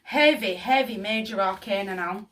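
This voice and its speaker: A woman's voice: medium pitch, normal speed, fairly bright tone. A woman giving a tarot reading, speaking emotively and often asking "does that make sense" over faint background music. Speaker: tarot reader.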